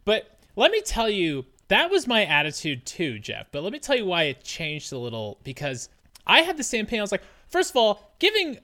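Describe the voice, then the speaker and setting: A man's voice: high voice, huge pitch swings, moderate pace, pushed and bright. A man co-hosting a podcast in casual chat, ranting in an exasperated way and swearing freely. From United States. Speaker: podcast co-host.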